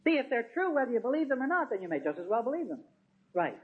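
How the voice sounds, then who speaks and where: Lively preacher on a tinny line. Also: medium pitch, fast. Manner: emphatic, asks rhetorical questions. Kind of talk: sermon. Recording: tinny, phone-like sound.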